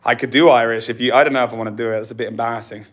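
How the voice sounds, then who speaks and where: A young man hosting a casual livestream, chatty and quick to laugh. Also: medium pitch, steady tone. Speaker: vlog host.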